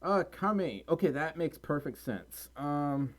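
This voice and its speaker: This Mississippi man's voice is a little high, with lively intonation and a measured pace with few pauses. Hosting a casual livestream from a room at home, he reads the chat aloud, tired and rambling, chatty and giggling often.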